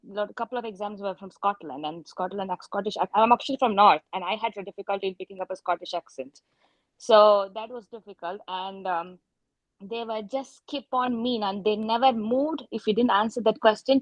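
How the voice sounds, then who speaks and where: A woman surgeon shares frank anecdotes about her exam experiences at a casual online gathering, often fixing her words partway through a sentence. She has a medium-pitched voice, and the recording is dry and rough.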